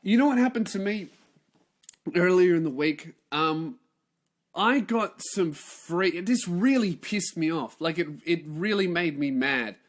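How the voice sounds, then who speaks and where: A man's voice: high voice, lively intonation, unhurried. A young man hosting a podcast, delivering a comedic rant full of swearing and exaggerated outrage. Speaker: podcast host.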